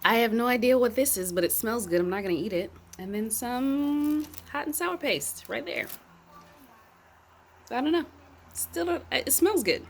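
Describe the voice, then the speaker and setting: A woman's voice: a little high, animated, moderate pace, a little hiss or hum. A mother vlogging casually from her quarantine apartment, narrating with dry, teasing humor.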